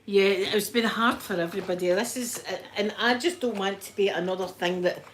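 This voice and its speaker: A woman with a Glaswegian accent chatting to live viewers in an animated way, a little breathless as she recovers from illness. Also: mid-range voice, fairly quick, slight background noise. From Scotland. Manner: chatty, animated storyteller, reads out chat names. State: a bit breathless after illness. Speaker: livestream host. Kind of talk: casual chat with live viewers.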